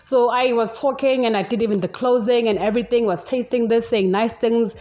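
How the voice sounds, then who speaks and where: A woman's voice: a little high, steady tone, a little fast, warm tone. A young adult woman with a South African accent, hosting a solo podcast and talking unscripted in a rambling, chatty way. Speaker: podcast host. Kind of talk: casual solo podcast monologue.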